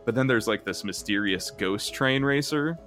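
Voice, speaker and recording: A man improvising a comedic movie pitch, rambling and halting with many restarts. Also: fairly bright tone, soft background music.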